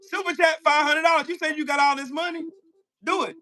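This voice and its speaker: A man with a very high, sharp, bright voice argues on a livestream. He taunts relentlessly, swears freely and hammers the same short demand again and again. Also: steady tone, fairly quick. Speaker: livestream host. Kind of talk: heated livestream argument.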